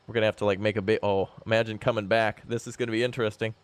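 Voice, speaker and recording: A man hosting a multiplayer game session in casual chat with friends, rambling and joking, quick to exclaim. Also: fairly low pitch, level tone.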